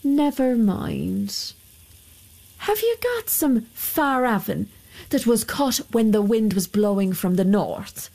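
A woman voicing a sly, smooth-talking soldier who wheedles and flatters. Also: a little high, slow, voice pushed up, full character voice. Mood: wheedling.

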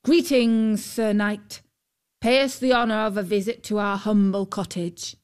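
A woman's voice: medium pitch, steady tone, unhurried, clean tone, natural voice. A woman voicing a troubled, stern old fisherman in a storybook reading. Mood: welcoming.

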